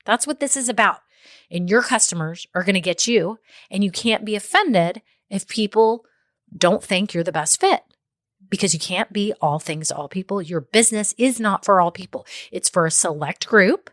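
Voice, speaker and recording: On her solo business-advice podcast, a female host keeps things conversational, peppering her talk with "okay?" and "right?". She speaks at a moderate pace in a medium-pitched, expressive, slightly bright voice, recorded in studio quality with no echo.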